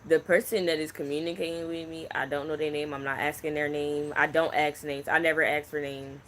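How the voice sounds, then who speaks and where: Man in his 20s, psychic reader, hushed halting delivery, crickets in background. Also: a little high, level tone, a little hiss or hum. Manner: slow, hushed, halting and emotional. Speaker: psychic channel host. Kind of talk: spiritual reading, unscripted. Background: crickets and insects.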